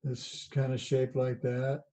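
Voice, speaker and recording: Slow folksy Southern man lecturing. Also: medium pitch, monotone, noisy background. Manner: folksy, drawn-out, chatty explaining with rhetorical questions. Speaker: college teacher. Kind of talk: online lecture. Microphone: video call.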